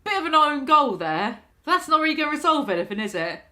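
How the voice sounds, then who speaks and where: A woman's voice: high-pitched, very animated, fast talker, pushed and bright. A woman vlogger reading out a news story and breaking off for sarcastic, mocking commentary. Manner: sarcastic, mocking, laughs at her own jokes.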